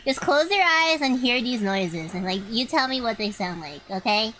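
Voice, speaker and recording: Young adult woman, fairly high voice, excitable and foul-mouthed live game commentary. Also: moderate pace, low-quality recording. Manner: excitable, swears freely, talks to chat. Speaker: streamer.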